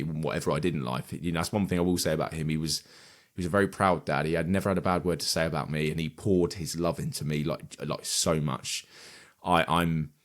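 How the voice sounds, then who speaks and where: A young man with a very low voice tells a personal story on his podcast. He speaks reflectively and haltingly, restarting sentences and leaning on fillers. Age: 20s. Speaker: podcast host. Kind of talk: personal monologue.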